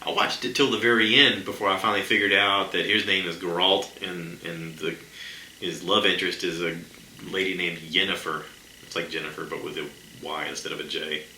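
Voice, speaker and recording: This podcast host has a low voice and a level tone, speaking briskly with a pushed, bright quality. He goes on casually and at length in a solo chat, full of fillers and restarts. The echoey room carries some faint background noise.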